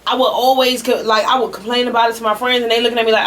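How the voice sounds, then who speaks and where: A woman's voice: fairly high pitch, steady tone, very fast, a crowd in the background. A woman rapper speaking as a podcast guest, talking candidly and emotionally in a slangy, casual way and swearing freely.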